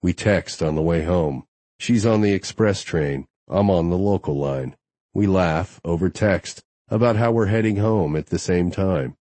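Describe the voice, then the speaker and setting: A man's voice: sits low, a little slow, dark tone, dry recording. A man narrating a romance audiobook in first person, intimate and wry.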